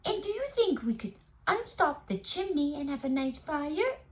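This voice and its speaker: A woman's voice: sits high, sing-song, normal speed, voice pushed up. A woman voicing a small polite male mouse in a storybook, meek and apologetic.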